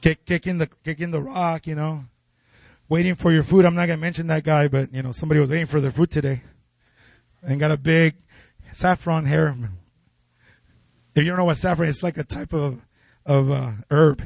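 A man's voice: on the high side, steady tone, fairly quick, vocal fry, long pauses, a little mellow, no room sound. A man preaching a fervent sermon in a church, calling out to the congregation. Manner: fervent, call-and-response with congregation.

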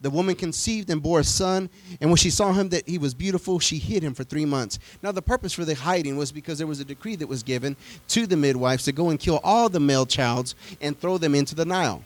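High-voiced animated male preacher. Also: quick pace, few pauses, dry recording. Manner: animated storytelling, acts out the people in the story, rises to a shout. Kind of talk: sermon.

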